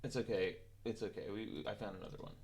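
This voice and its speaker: A man's voice: fairly low pitch, fast, vocal fry, darkish tone, slightly rough. A man streaming a text adventure game, chatting casually, laughing often and swearing as he thinks aloud. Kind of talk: casual let's-play commentary.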